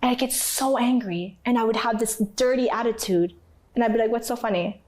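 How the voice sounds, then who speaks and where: Woman guest, bit high-pitched, emotional storyteller, animated and emphatic, repeats lines for weight. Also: a little fast. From Canada. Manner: animated, acts out others' voices and her own crying in quotes; repetitive, emphatic phrasing. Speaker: podcast guest.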